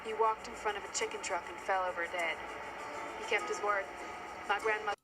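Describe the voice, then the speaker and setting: Actress as a measured female film narrator recalling her grandmother, over film music. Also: mid-range voice, steady tone, natural voice, poor audio. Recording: film soundtrack with music underneath. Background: film score.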